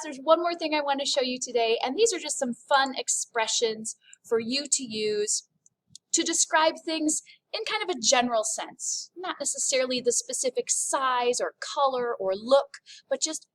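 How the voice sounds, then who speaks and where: A woman teaching a recorded French lesson, speaking slowly and clearly and modeling French phrases in an upbeat way. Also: high voice, a bit bright.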